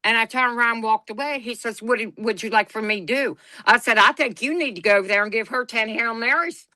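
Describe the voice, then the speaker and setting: Woman, bright, close and dry sound, blunt, folksy storyteller. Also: fairly high pitch, fast, dry recording. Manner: folksy, blunt, laughs through her stories. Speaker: podcast co-host. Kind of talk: casual storytelling chat.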